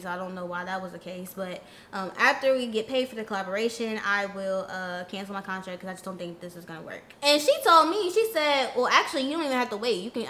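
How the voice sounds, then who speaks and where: A young woman telling a storytime vlog, ranting in an animated, indignant way. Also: medium pitch, slight background noise. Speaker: influencer vlogger.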